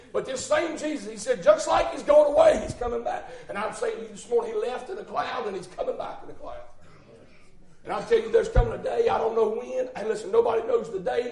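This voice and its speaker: A man preaching, his voice sitting very high for a man. He drives his points with repeated phrases and breaks into loud shouts. The sound rings around a roomy church hall. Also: vocal fry. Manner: fervent, shouting bursts, rhythmic repetition. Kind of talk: sermon.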